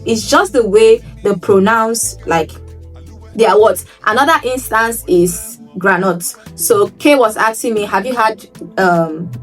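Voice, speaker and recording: A woman from Nigeria telling stories to her travel vlog viewers, animated, often repeating words for emphasis. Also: fairly high pitch, measured pace, distant mic, soft background music. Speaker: travel vlogger. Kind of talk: casual vlog storytelling.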